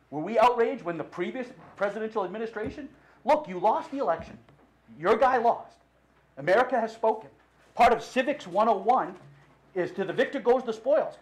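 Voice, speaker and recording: A middle-aged man giving unscripted public comment at a city council meeting, impassioned and halting with many restarts, speaking into a podium microphone. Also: extremely high pitch.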